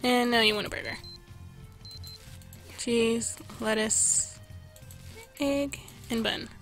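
A woman's voice: a little high, steady tone, takes it slowly, fairly bright tone. A woman giving casual let's-play commentary, chatting to game customers as she fills their orders, her voice a little worn. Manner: chatty, reads out orders to customers while playing. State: losing her voice. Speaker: gameplay video host. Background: game music.

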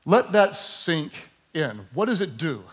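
A man's voice: fairly high pitch, big pitch swings, takes it slowly, breathy edge. A male pastor preaching a sermon, emphatic and calling on the congregation to repeat words aloud, with playful asides. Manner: emphatic, draws the congregation to speak along.

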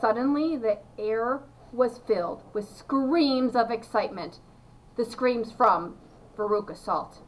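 Expressive woman reading a storybook aloud. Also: on the high side, slow pace, slight background noise, poor audio. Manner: expressive, with a few slips and restarts. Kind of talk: reading a children's novel aloud.

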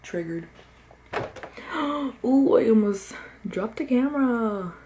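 A woman's voice: medium pitch, normal speed. A young woman with a cold, sniffling, chatting casually and gushing with sudden squeals while unboxing an album. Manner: excitable, gushing, often confused, with sudden squeals and gasps. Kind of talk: casual unboxing chat to camera. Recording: echoey room, faint background noise.

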